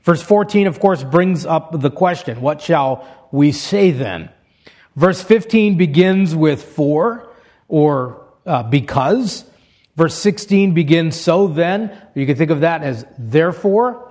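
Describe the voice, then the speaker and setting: A man's voice: a little high, expressive, takes it slowly, darkish tone. A man preaching an expository sermon, reading scripture aloud and explaining it step by step in an earnest way.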